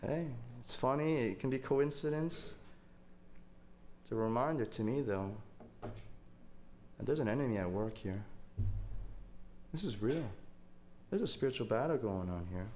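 A young male pastor delivers a sermon in a loose, conversational storytelling manner, often doubling words as he builds momentum. His voice sits at an ordinary middle pitch. A faint hum of noise runs underneath. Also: darkish tone. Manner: conversational storytelling, repeats words when fired up.

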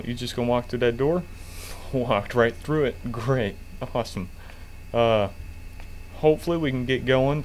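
A man playing a game and commenting in a sarcastic, joking way, with casual swearing. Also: mid-range voice. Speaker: gamer.

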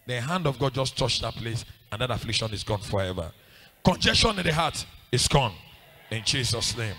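A male pastor preaching in a church service, swinging between shouted commands and hushed pleading in a sing-song cadence. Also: mid-range voice, lively intonation, normal speed, slightly rough. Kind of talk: fiery prayer sermon.

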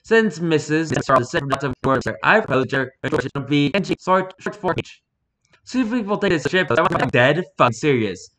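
A man's voice: a little high, expressive, fairly quick, fairly bright tone, a little hiss or hum. A man reading posts aloud in a rambling, jokey vlog commentary, swearing casually.

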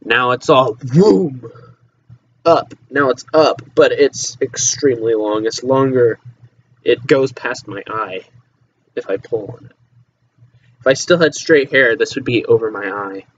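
A teenage boy talks to his viewers in a loose, rambling way, drifting between thoughts and swearing casually. His voice sits at an ordinary pitch for a young man. The laptop microphone gives it a dull, lo-fi sound with a faint hiss behind it. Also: unhurried. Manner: rambling, offhand, swears casually, trails off into mutters. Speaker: vlogger. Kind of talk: casual rambling chat to camera.

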